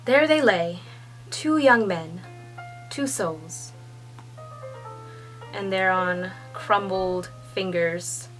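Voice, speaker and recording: A young woman reading a manga chapter aloud and reacting with gushing excitement, swearing and laughing often. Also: medium pitch, drawn-out words, long pauses, faint music behind. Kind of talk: excited read-along reaction.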